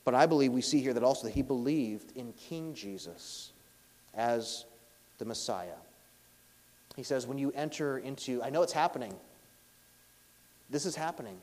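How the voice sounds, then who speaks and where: A man preaching a sermon, with emphatic swings between loud stressed phrases and hushed, quiet lines. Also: medium pitch, normal speed, long pauses. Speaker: pastor. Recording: long hall reverb.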